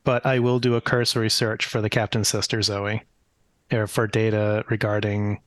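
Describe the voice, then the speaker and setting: A man playing in a tabletop role-playing game, stating his character's actions in careful, deliberate words. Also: lowish voice, little pitch movement, dry recording. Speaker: player. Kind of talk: casual chat at the game table.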